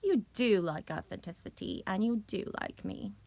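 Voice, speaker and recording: A woman's voice: medium pitch, expressive, moderate pace, vocal fry, a little mellow. Profane, rambling woman live streamer. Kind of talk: casual live stream chat.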